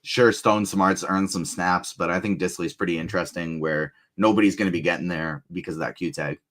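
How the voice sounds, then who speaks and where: A man with a fairly low voice hosts a live stream in relaxed chat. He speaks in a brisk, organized way and steers the conversation from topic to topic. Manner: brisk and organized, runs the show. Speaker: fantasy sports show host.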